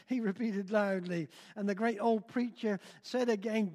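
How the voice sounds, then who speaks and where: An older man preaching a sermon in a church, slow and halting with many filler sounds. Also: high voice, steady tone, darkish tone. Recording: long reverb in a hall.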